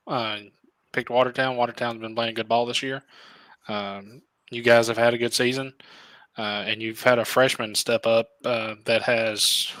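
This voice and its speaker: A joking man with a Southern accent co-hosts a high school sports show. His voice is bright and forceful, and it is recorded dry. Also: no room sound, rough recording.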